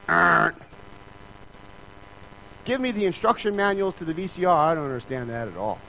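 A man preaching in a church with a slightly raised pitch, his tone conversational and joking. He slips into other people's voices to act out little scenes. A faint hum runs behind him. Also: expressive, normal speed, vocal fry, pauses often, bright, forceful tone, rough recording. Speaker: pastor. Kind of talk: sermon.

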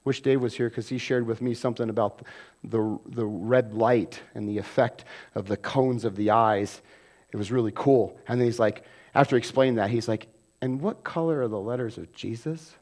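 A man preaching a sermon as pastor, animated, acting out quoted voices and swinging from loud bursts to hushed asides. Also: lowish voice, normal speed.

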